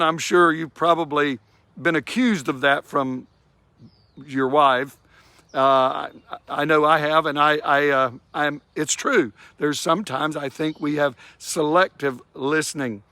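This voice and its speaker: A middle-aged man giving a short devotional talk, unhurried, stretching key phrases for emphasis. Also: fairly high pitch, fairly even intonation, pushed and bright, dry recording. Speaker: devotional speaker.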